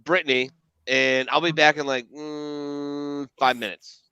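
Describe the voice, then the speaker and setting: A man's voice: fairly high pitch, little pitch movement, measured pace, bright, forceful tone, smooth, no echo, muffled recording. A man hosting a podcast in casual chat, joking and swearing as he hands the show to his co-hosts. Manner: loose, joking handoff talk with swearing. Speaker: podcast host.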